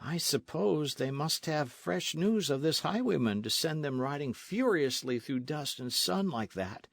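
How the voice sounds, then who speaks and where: A foppish young caballero prattles in an airy, affected voice, as a man acts him out in an audiobook. The pitch rides high and lively over a dry, close recording. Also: unhurried, creaky, dry recording, exaggerated voice. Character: foppish, vain young nobleman affecting idle talk.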